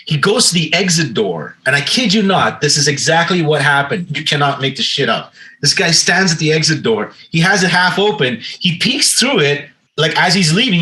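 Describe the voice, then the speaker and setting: Animated, lively storytelling man. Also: on the high side, poor audio. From Canada. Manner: animated, profane, acts out quotes. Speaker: podcast host. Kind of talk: casual storytelling.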